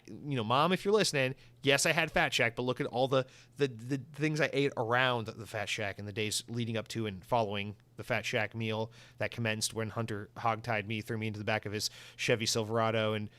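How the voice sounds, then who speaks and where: A man's voice: fairly low pitch, fairly bright tone, clear, resonant tone, no echo. A young man hosting a solo podcast, rambling and swearing with comic exaggeration. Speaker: podcast host.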